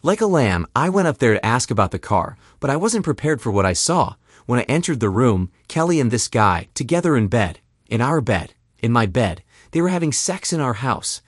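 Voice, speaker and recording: A man's voice: mid-range voice, big pitch swings, normal speed, few pauses, dry recording, clean studio sound. A man narrating a first-person story of betrayal in a bitter, indignant manner.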